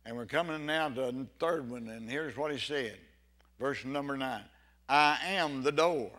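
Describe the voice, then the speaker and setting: A man of medium pitch preaches an evening sermon at a moderate pace, full of fervor. He repeats phrases, calls out "amen" and "hallelujah," and builds to loud exclamations.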